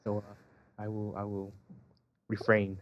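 A man co-hosting a film podcast, speaking in a halting, self-deprecating way. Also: on the low side, completely flat delivery, dull audio, a little hiss or hum. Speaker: podcast co-host. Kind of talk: casual podcast chat.

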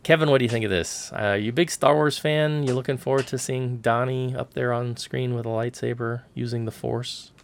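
A medium-pitched man with vocal fry talks a little fast and hardly pauses, with slight background noise behind him. He's co-hosting a podcast, keeping the chat casual, relaxed, and rambling with lots of fillers.

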